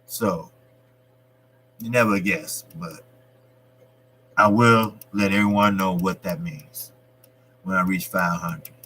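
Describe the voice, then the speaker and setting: A man's voice: deep voice, steady tone, slow, pauses often, pushed and bright, husky, low-quality recording. A man hosting a boxing livestream, reading the live chat aloud and talking bluntly and profanely in casual street banter.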